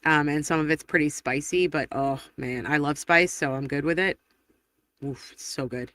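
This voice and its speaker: A woman's voice: low-pitched, fairly bright tone, no room sound. Chatty woman hosting a live stream. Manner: chatty and rambling, quick laughs and self-corrections. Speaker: livestream host. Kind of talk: casual livestream chat, reading viewer comments aloud.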